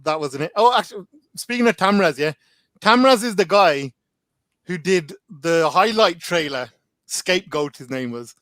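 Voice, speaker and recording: A man's voice: high-pitched, animated, moderate pace, a bit bright, no echo. A man, a guest in a casual chat, telling stories animatedly with lots of slang and filler words. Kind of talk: casual storytelling.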